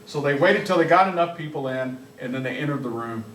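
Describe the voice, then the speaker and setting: A man giving a live police training talk to an office audience, blunt and joking, shouting commands when he acts them out. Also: mid-range voice, quick pace, slight background noise. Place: office meeting room with audience. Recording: echoey room, mic from a distance.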